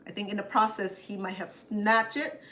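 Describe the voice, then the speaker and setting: A woman's voice: medium pitch, level tone, normal speed, pushed and bright, a little hiss or hum. An older woman, chatting and rambling through family stories as she cooks for her show. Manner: chatty, rambling, acts out family members' voices. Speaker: cooking show host. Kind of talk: storytelling while cooking.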